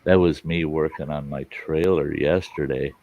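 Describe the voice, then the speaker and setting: A very deep, darkish voice, steady and moderately paced, belongs to the host of a live storytelling stream. With no room sound but a dull lo-fi quality, he chats with viewers and rambles through folksy stories, acting out the dialogue.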